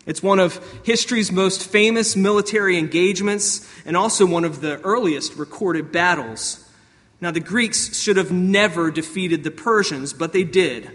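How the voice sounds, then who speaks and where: High-voiced preaching man in a reverberant hall. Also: normal speed. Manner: animated preaching with sudden outbursts and soft asides. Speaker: pastor. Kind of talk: sermon.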